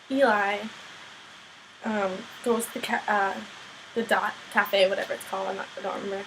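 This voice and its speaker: A woman's voice: medium pitch, level tone, moderate pace, pauses often, background noise. A young woman recapping a TV episode in a loose, rambling vlog, full of fillers and casual swearing. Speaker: show recapper.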